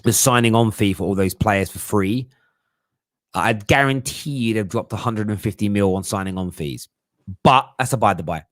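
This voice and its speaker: A man's voice: lowish voice, moderate pace, dry recording, studio quality. A young man hosting a casual live chat, jokey and slangy, laughing often. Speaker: livestream host.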